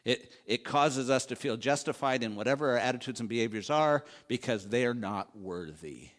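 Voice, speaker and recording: A middle-aged man delivers a sermon in an easy, conversational way. His voice sits at an ordinary middle pitch. He keeps turning to his listeners with rhetorical questions and quick asides. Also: lively intonation. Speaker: pastor.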